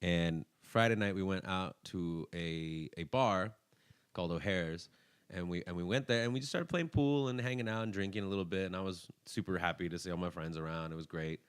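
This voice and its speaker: Young male podcast co-host, low voice, dry close mic, rambling and jokey. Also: fairly quick, clean tone, no echo. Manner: laughs often, rambling and joking. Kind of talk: casual chat.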